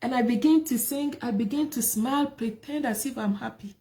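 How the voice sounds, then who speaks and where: A woman's voice: a little high, brisk, mellow. A woman sharing her personal life story, emotional and repetitive, with many rhetorical questions. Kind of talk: personal testimony talk.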